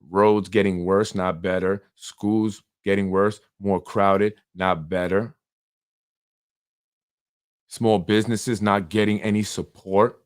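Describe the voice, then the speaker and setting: A man, the host of a local political show, talking in a fired-up, blunt and rambling way. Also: lowish voice. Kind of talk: heated political commentary.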